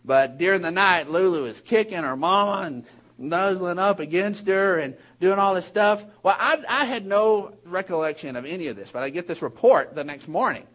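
High-voiced, animated preaching man. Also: moderate pace. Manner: animated, emphatic preaching with bursts of shouting and laughter; rambling asides with many restarts. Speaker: pastor. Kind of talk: sermon.

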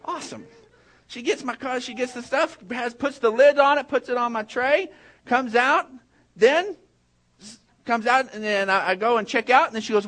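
A man's voice: very high-pitched, animated, a little fast, fairly bright tone. A man preaching a sermon as pastor, telling a funny personal story and then making an earnest point to the congregation.

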